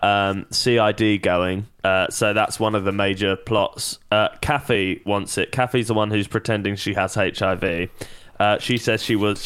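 Man, casual recap, smooth clear voice, wry chuckling asides. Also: lowish voice, fairly bright tone. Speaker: podcast co-host.

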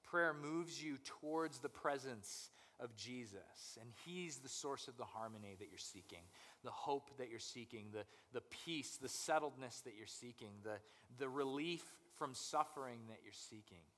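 A young man preaching a conversational sermon as pastor, animated and acting out people's inner voices. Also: mid-range voice, normal speed, long reverb tail.

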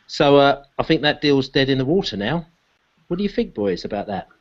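A man's voice: medium pitch, brisk, highs cut off. A man hosting a casual football podcast, running through the news and passing questions to his co-hosts. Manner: leads the talk, hands questions to the panel. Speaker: podcast host.

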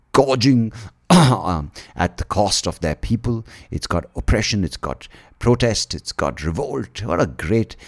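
A man's voice: sits low, gravelly, a little mellow. A man telling a story as a comic monologue, rambling, irreverent and full of jokes. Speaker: podcast guest.

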